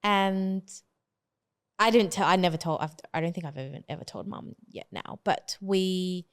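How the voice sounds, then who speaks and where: A woman's voice: fairly low pitch, moderate pace, clean tone. A woman in her twenties from Hong Kong, a podcast guest telling her story in a casual, hesitant way with lots of fillers and restarts.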